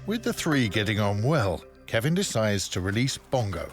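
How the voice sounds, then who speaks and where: A man narrating a wildlife documentary in a measured, informative, scripted delivery. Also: lowish voice, very animated, music in the background.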